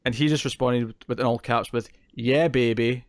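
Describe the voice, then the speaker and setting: Podcast co-host, male, mid pitch, dry close sound, rambling and giggly. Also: steady tone, fast talker, clear, resonant tone, no room sound. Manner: rambling, laughs often. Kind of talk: casual chat.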